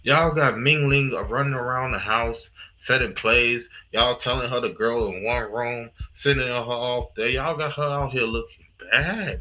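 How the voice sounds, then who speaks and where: A man's voice: mid-range voice, dull audio. A man hosting a live reaction stream, talking in a casual, slangy, profane and emphatic way.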